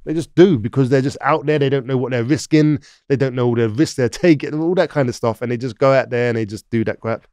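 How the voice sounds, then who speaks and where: A man's voice: medium pitch, quick pace, few pauses, a little mellow, clear, resonant tone, dry recording, clean studio sound. A man from London with a London accent, a podcast guest telling rambling stories full of "like" and "yeah?". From London, England. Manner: rambling, frequent "like" and "yeah?" tag questions. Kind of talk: casual storytelling interview.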